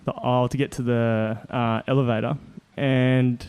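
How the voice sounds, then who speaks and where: An Australian man spins a story in relaxed chat, mellow and warm in tone. He is animated and laughs easily, slipping into the voices of the people in his tale. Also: mid-range voice, normal speed, clear, resonant tone. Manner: animated, laughs often, acts out quotes. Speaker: guest. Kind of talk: casual storytelling.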